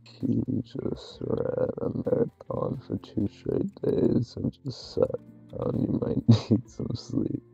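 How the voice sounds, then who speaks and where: A man chatting casually from bed over earbuds, drowsy and teasing, with a deep, gravelly voice that always sounds sleepy. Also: sing-song, slow, soft background music. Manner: drowsy, soft-spoken, teasing. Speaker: streamer's partner on voice chat. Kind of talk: casual chat. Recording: dull lo-fi voice chat.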